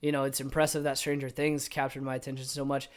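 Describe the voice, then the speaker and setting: A man's voice: medium pitch, level tone, quick pace. A man co-hosting a casual movie review podcast, talking in an easygoing way with frequent "you know" and short agreements. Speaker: podcast co-host.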